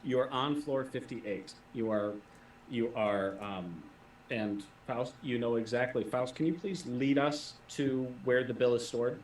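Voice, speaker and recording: Speaking a little slowly in a mid-range voice, a man acts as game master, describing the scene and calling for dice rolls at a tabletop role-playing game. The recording has a distant mic, an echoey room and a little hiss or hum.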